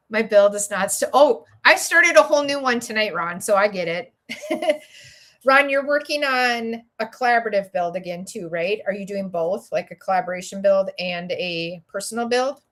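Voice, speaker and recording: Animated and fairly bright, this medium-pitched voice moves at a moderate pace. It belongs to a middle-aged livestream host and educator from Minnesota, USA, who rambles casually with viewers from home as she builds, laughing a lot in her Minnesota accent.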